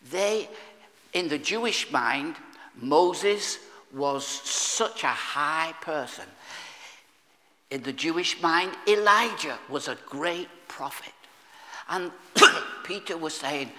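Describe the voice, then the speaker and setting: Guy pastor preaching slow, bright kinda tense voice, keeps clearing his throat, big hall echo. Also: on the high side, animated. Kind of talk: sermon. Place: church.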